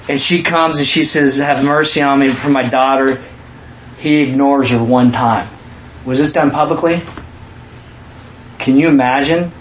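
A middle-aged man preaching a sermon in a conversational, animated storytelling way. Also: mid-range voice, a little hiss or hum, poor audio. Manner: animated, conversational, acts out quotes.

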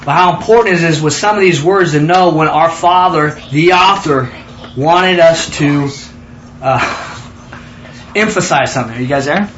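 A man leading a Bible study, excitable and emphatic, prompting his listeners to answer and repeat after him. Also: a little high, unhurried, roomy sound, lo-fi sound, slight background noise. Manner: excitable, emphatic, calls for responses.

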